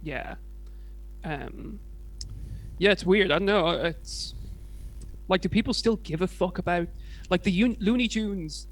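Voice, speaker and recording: A man's voice: sits high, a little slow. A young English man co-hosting a podcast, chatting casually in a rambling, hesitant way with plenty of swearing. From England. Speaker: podcast co-host. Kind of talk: casual chat.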